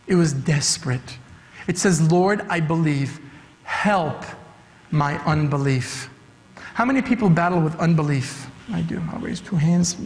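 A man preaching a sermon as youth director, emphatic and repeating his key phrases for weight. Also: high-pitched. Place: church sanctuary. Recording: long church hall reverb.

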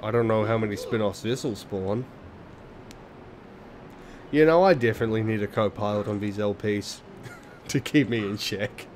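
A man's voice: fairly low pitch, normal speed, pauses often, a little mellow, a little hiss or hum. A man playing a video game and commenting in a rambling, self-deprecating way, swearing often. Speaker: let's play gamer. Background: video game music.

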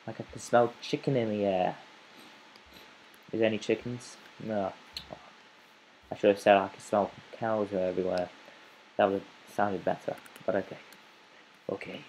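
A man's voice: fairly low pitch, fairly even intonation, normal speed, pauses often, darkish tone, a little hiss or hum, poor audio. A man giving playful, rambling let's play commentary as a gaming channel host, chatting to the animals in his game.

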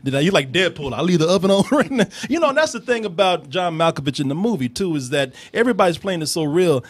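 A man hosting a casual movie review, animated and profane, laughing often and slipping into impressions. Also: on the high side, fast talker, husky.

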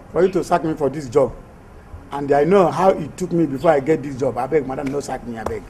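An actor with a Nigerian Pidgin accent playing a cheeky young houseboy who begs and jokes. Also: male voice, fairly high pitch, fairly quick, mellow, natural voice, rough recording. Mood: pleading. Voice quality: Pidgin banter, begging tone. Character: cheeky young male houseboy, pleading and joking.

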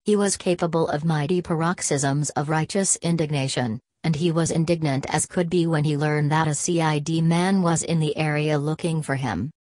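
A woman narrating a novel as an audiobook, in an even, measured reading. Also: sits low, no room sound.

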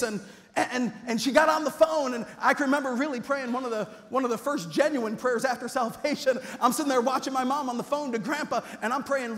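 A man with a very high, bright speaking voice, preaching to a church crowd. He tells his story with big animated swings and acts out every quoted voice. The sound rings with long reverb from the church hall. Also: fairly quick. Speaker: youth pastor. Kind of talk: storytelling sermon. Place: church sanctuary.

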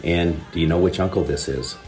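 A man's voice: sits low, a little fast, a little mellow, faint music behind. A man, an uncle, giving a casual, easygoing congratulations message with frequent fillers.

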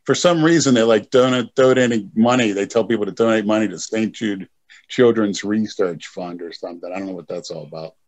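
Middle-aged male podcast host, lowish voice, rambling storyteller on a video call. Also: brisk, a little mellow. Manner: rambling, crude anecdotal storytelling. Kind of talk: casual chat.

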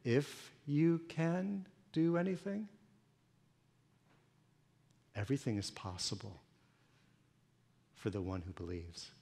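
A man voicing a calm, commanding teacher. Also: low-pitched, normal speed, long pauses, slightly rough, pitched below the performer's own voice. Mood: quiet. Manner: calm and authoritative.

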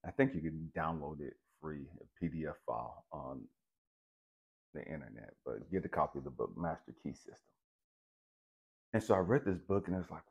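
A man telling a personal story to the camera in an animated, profane, emphatic way. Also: extremely low pitch, moderate pace, creaky, husky, muffled recording. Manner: animated, profane, keeps saying "stay with me, I'm going somewhere". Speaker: channel host.

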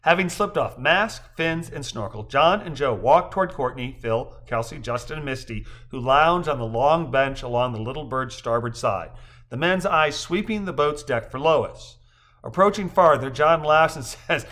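A man's voice: normal speed, a bit bright. A man narrating a story and reading every character's lines himself. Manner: lifts pitch for dialogue. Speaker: audiobook narrator. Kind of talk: scripted narration reading all parts.

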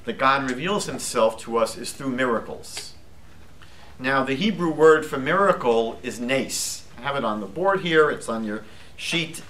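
A man teaching a live class as a rabbi, lively and chatty, posing questions to the group. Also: on the high side, a little hiss or hum. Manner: lively, asks the class questions, jokes lightly.

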